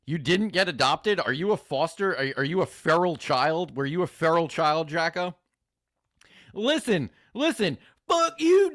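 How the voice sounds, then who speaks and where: A man hosting a live reaction stream, talking in an excitable, profane, mock-enthusiastic way. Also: on the high side, dry recording, studio quality. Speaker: host reacting to videos.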